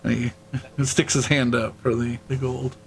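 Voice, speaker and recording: A man running a tabletop game as game master, talking slowly in a gravelly voice. He narrates haltingly, with fillers, throat-clearing and frequent laughs. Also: medium pitch, flat delivery, rough recording.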